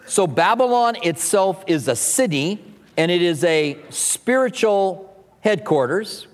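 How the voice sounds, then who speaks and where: A man's voice: sits high, animated, takes it slowly. A man delivering a sermon as pastor, teaching conversationally with humorous asides. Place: church sanctuary. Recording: long hall reverb.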